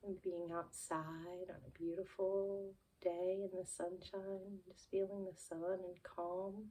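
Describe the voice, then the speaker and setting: Woman, children's calm-time presenter: very slow, husky and soft, sighs and slips into whispers. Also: fairly low pitch. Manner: slow, soft, sighing and yawning, drifting into whispers. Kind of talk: soothing children's relaxation lesson.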